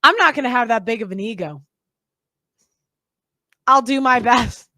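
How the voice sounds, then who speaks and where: A woman hosts a reaction show, giving reaction commentary that's candid, blunt, rambling, and self-interrupting. Her voice is on the high side, bright, and forceful, animated but at a measured pace, recorded with clean studio sound and no echo.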